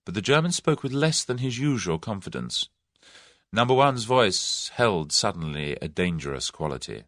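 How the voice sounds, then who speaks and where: Deep-voiced male audiobook narrator. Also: sing-song, normal speed, fairly bright tone, no room sound, clean studio sound. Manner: dramatic storytelling. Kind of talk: scripted narration.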